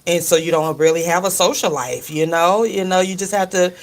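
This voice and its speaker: A woman's voice: lowish voice, brisk. A middle-aged woman co-hosting a radio talk show, telling funny family stories with lots of laughter and acted-out quotes. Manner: animated storyteller, laughs often, quotes others in voices. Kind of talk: casual chat.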